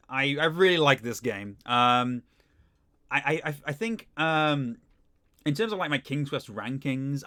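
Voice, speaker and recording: A man's voice: medium pitch, pushed and bright, no room sound, clean studio sound. A man streaming a game playthrough, talking casually and chattily, often giggling and stumbling through fillers and restarts. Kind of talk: casual live-stream commentary.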